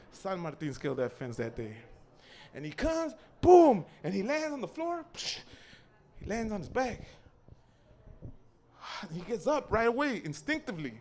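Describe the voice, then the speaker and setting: A young man spins a profane comic story at a small cafe open mic. His voice sits high and swings wildly in pitch as he acts out characters and bursts into shouts. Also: very animated, moderate pace.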